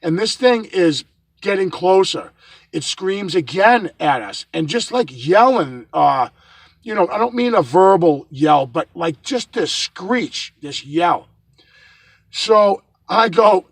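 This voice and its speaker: A middle-aged man from New England casually recounting a night in the woods to his viewers, halting and often restarting his words. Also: high-pitched, animated, creaky, dry recording. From northern Massachusetts. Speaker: vlogger recounting a hike. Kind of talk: casual first-person storytelling.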